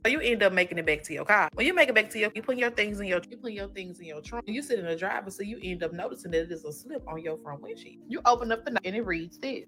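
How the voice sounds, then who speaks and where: A woman's voice: medium pitch, lively intonation, fast, hardly any pauses, fairly bright tone, faint music behind. A woman telling a second-person storytime, profane and slangy, acting out the voices as she goes.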